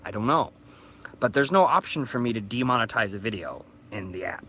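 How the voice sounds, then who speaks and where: A man's voice: on the low side, expressive, a little fast, sharp tone, husky. A thirty-year-old man, a little drunk, rambling through a casual vlog rant with stumbling restarts and swearing, recorded on a phone. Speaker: YouTuber.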